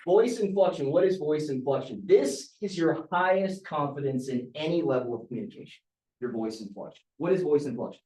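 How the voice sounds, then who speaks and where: A man's voice: on the high side, expressive, brisk, darkish tone. A man leading a team meeting as a trainer. He tells stories conversationally and demonstrates vocal inflection as he talks. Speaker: real estate team trainer. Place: office meeting room. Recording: roomy echo.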